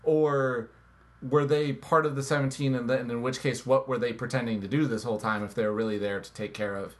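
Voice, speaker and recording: A man co-hosting a casual movie review chat, talking in halting bursts with many restarts and frequent laughs. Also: mid-range voice, steady tone. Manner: halting, full of fillers and restarts, laughs often. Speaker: podcast co-host.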